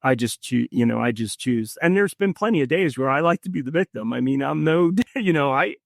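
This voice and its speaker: A man being interviewed on a podcast, telling a personal story in an earnest, reflective way with many pauses. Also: medium pitch, expressive, creaky. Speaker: podcast guest.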